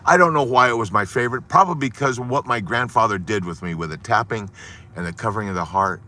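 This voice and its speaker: A man's voice: lowish voice, quick pace. A man in his fifties or sixties, telling a parable in a dramatic, sermon-like way. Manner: animated, dramatic storytelling with hushed moments. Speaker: host giving an inspirational talk. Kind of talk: sermon-style storytelling.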